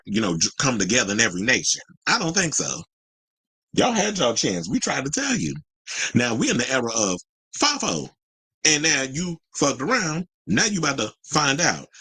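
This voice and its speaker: A man hosting a casual commentary show and reading viewer comments in an animated, sassy, outspoken way. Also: medium pitch, breathy edge, no room sound, poor audio. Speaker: host.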